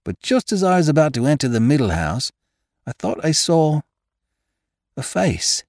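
A man's voice: on the high side, very animated, moderate pace, a little mellow, no room sound, studio quality, voice pushed up. A man voicing a nervous, respectful gardener who tells his tale earnestly to his employer. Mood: earnest, uneasy. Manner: earnest, respectful, addresses others as sir. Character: nervous deferential male gardener, working man.

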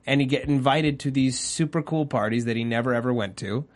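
A man's voice: mid-range voice, fairly quick. Male host, easygoing recap chat, jokey. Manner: joking, puts on goofy voices. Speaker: podcast host. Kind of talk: casual chat about a TV show.

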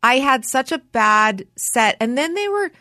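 A woman's voice: measured pace, no echo, studio quality. A middle-aged woman hosting a podcast, telling stories animatedly in a casual chat. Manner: animated storyteller, jumps high when quoting herself. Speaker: podcast host.

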